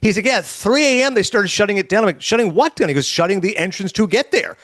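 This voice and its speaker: A man's voice: sits high, fast, no echo. A man co-hosting a sports radio show in casual chat, telling stories and acting out conversations. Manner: animated storyteller acting out conversations.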